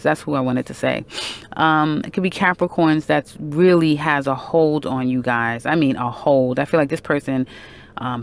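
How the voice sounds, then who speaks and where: A tarot reader with a medium-pitched, clean voice gives a casual monthly horoscope reading. She's chatty and emphatic, using many fillers, correcting herself often and checking in with the viewer by asking "okay?"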